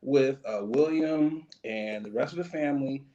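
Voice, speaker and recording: A man co-hosting a podcast in casual comedic chat, animated and slangy, laughing often, on slightly dull lo-fi audio. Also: mid-range voice, normal speed, crowd noise. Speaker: podcast co-host.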